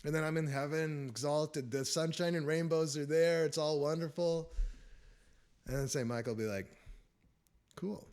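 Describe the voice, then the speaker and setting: A man's voice: fairly high pitch, moderate pace, a little mellow, clear, resonant tone. A man hosting a casual spiritual talk, rambling through his testimony and chuckling often. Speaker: host of a spiritual talk show.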